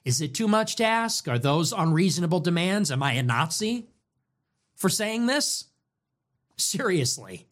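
Hosting his own show, this young man rants about politics in a high, sing-song voice. Rhetorical questions come in quick strings, with some profanity thrown in.

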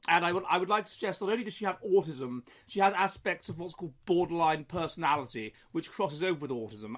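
A man's voice: a little high, a bit bright. A man hosting his own commentary vlog, lecturing emphatically with frequent restarts. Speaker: host.

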